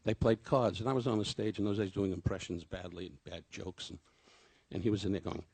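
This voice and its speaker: A man's voice: lowish voice, steady tone, a little fast, creaky, darkish tone, slightly rough, no room sound. An older man, a comedian, giving a rambling, self-deprecating memorial tribute full of anecdotes.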